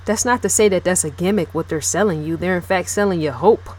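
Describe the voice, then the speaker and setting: A woman with a lowish voice gives blunt commentary straight to camera. She is emphatic and repeats herself, and she swears freely. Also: brisk, a little mellow. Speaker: video blogger. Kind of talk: casual opinionated commentary to camera.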